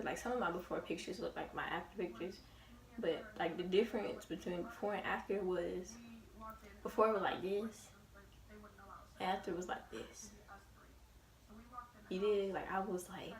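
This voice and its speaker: A young woman telling a story in a casual, animated and emphatic way. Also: medium pitch, recorded from a distance. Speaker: vlogger. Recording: roomy, away from the mic.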